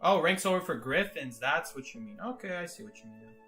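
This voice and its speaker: A man's voice: on the high side, animated, fairly quick, bright, forceful tone, soft background music. A man streaming a game and chatting casually with viewers, rambling, correcting himself and laughing often. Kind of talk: casual live-stream chat.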